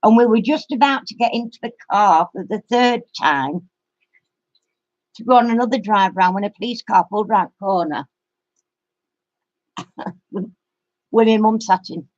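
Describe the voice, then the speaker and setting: A woman's voice: medium pitch, measured pace, pauses often, a little mellow, no room sound. A middle-aged woman, telling a long story in a casual live-stream chat. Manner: rambling storyteller. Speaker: craft channel host. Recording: dry, muffled lo-fi sound.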